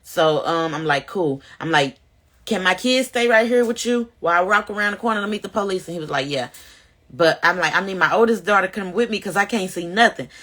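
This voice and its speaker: Woman, bright and forceful, lively personal storyteller who acts out what others said, slightly low for her sex. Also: fairly quick. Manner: animated, acts out quoted voices, rising high when excited. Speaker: mother of five telling her life story. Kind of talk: casual storytelling vlog.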